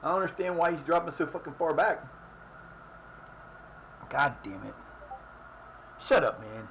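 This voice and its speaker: A man's voice: fairly high pitch, expressive, a little slow, fairly bright tone, a little hiss or hum, poor audio. A man streaming a football game live, swearing often as he rants at his team's play. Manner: frustrated, profane ranting at the game.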